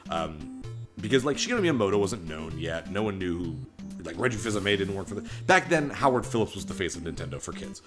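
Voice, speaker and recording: Brief: Canadian guy in his twenties, low and animated, self-mocking game commentary. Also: fast. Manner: joking, rambling, self-deprecating. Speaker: gaming channel host. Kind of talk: casual let's-play commentary. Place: home room, construction outside. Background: game music.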